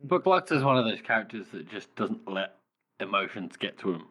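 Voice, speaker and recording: A man's voice: lowish voice, very animated, a little fast, a bit bright. A man co-hosting a podcast, giving his enthusiastic take on a book in casual chat. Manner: enthusiastic, with voice jumping up for quoted lines. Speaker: podcast co-host.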